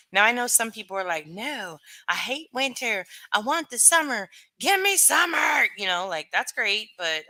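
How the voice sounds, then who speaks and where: Chatty woman with a bright voice. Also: fairly low pitch, clean tone. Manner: chatty, lots of fillers, answers comments aloud. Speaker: live stream host. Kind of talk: casual chat reading viewer comments.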